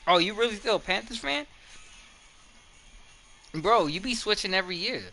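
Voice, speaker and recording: High, bright-voiced young man talking trash. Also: expressive, moderate pace, vocal fry, soft background music. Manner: loose, profane, amped-up trash talk. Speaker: gamer streaming. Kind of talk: casual chat while gaming.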